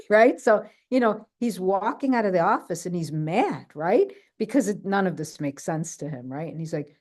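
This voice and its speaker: A woman telling a personal story on a video call, animated, often checking in with "right?" and acting out what others said. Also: medium pitch, normal speed, few pauses. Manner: acts out other people's quoted lines. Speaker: guest speaker. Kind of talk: personal story in an online talk.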